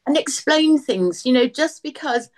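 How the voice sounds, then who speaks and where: A woman's voice: sits high, animated, measured pace. A woman guest on a podcast talking frankly, sounding worn out and rambling with restarts. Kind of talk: casual chat.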